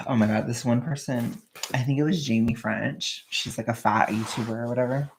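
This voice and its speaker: A woman's voice: rumbling low, normal speed, long pauses, noisy background. A woman chatting casually on a livestream while wrapping gifts, rambling and joking at her own expense. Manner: rambling, self-mocking, joking. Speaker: vlogger livestreaming.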